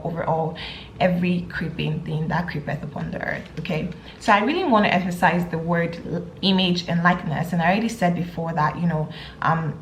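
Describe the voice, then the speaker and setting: Low-voiced woman teaching scripture, echoey room. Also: a little hiss or hum. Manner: hesitant, many fillers and restarts. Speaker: Bible teacher.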